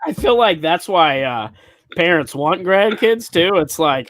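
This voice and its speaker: A man's voice: fairly high pitch, lively intonation, measured pace, fairly bright tone, no echo. Laughing man riffing jokes, dry sound. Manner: laughs often, riffs on jokes aloud. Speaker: comedy podcast host. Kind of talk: casual comedy workshop chat.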